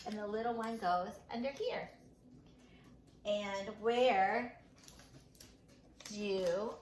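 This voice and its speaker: A woman teaching a preschool lesson at home, talking slowly and sing-song to small children. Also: fairly high pitch, reverberant, slight background noise, poor audio. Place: home room.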